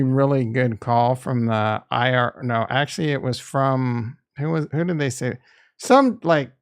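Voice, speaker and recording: A man's voice: fairly high pitch, clear, resonant tone. A man hosting a crypto investing channel, talking in a candid, rambling way that is casual and peppered with swearing.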